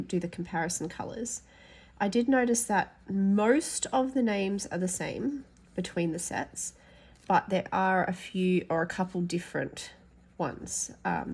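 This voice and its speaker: A woman's voice: on the low side, gravelly, a little mellow, husky. A woman with a stuffy, nasal voice from hay fever, chatting frankly as she swatches pencils for her colouring vlog. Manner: chatty, frank, thinking aloud. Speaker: adult colouring YouTuber. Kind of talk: casual swatch-testing vlog.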